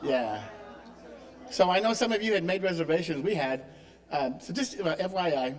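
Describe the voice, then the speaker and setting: A man's voice: high voice, expressive, moderate pace, some chatter behind. A man leading a church service, giving chatty announcements and telling a joke with laughter. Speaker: service leader.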